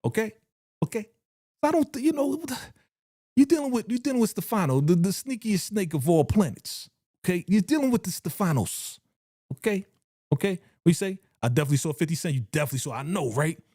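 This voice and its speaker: Animated live-stream host, man, slightly high mellow voice, dry close sound. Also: fairly quick, no echo. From New York. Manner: animated, reads chat aloud, acts out scenes.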